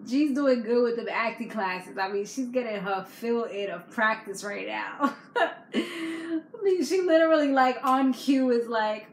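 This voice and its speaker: A woman's voice: a little high, lively intonation, a little slow. Chatty woman gossiping through a tv recap, laughs a lot, echoey room, bit of hiss behind. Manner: slangy, chatty, laughs often. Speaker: reality TV recap vlogger. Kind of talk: casual chat. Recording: echoey room with faint background noise.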